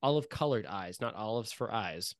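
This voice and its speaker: A man's voice: fairly low pitch, lively intonation, a little fast, no room sound, clean studio sound. A man running a tabletop game as game master, setting scenes vividly and playfully, with frequent fillers.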